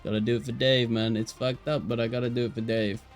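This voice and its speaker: A man's voice: medium pitch, flat delivery, quick pace, soft background music. A young man with an English Midlands accent, chatting and joking casually as an esports caster on a live stream.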